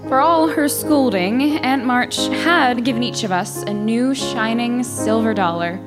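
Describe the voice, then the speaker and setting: A woman playing a gentle, motherly eldest sister. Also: a little high, unhurried, lightly acted. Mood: narrating. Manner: gentle, soothing. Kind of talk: first-person storytelling narration. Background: piano music.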